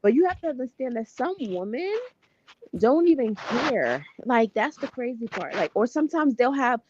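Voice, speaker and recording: Lively, high-voiced woman podcast host. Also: moderate pace, highs cut off, background noise. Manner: animated, exclaiming, swears freely. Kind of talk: casual gossip chat.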